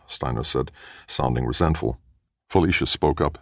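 A man narrating an audiobook in a measured way, lifting his voice a little for the characters' lines. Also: steady tone, creaky, no echo, studio quality. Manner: measured, lightly voices characters with a raised pitch. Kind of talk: scripted narration.

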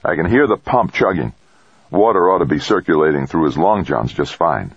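A man voicing a steady, practical male astronaut who talks in short, terse phrases. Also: sits low, moderate pace, slightly rough, dry recording, highs cut off, full character voice.

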